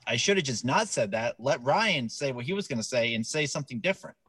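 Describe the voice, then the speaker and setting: Lively, laughing middle-aged podcast man. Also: mid-range voice, quick pace, slightly rough, no room sound. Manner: self-deprecating, laughing, bursts of silly bits. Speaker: podcast co-host. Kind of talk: casual chat.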